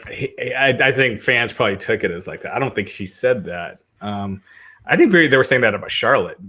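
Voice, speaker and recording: A man hosting a podcast, giving measured opinions with frequent hesitations and fillers. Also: mid-range voice, animated, pushed and bright. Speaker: podcast host. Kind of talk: casual podcast chat.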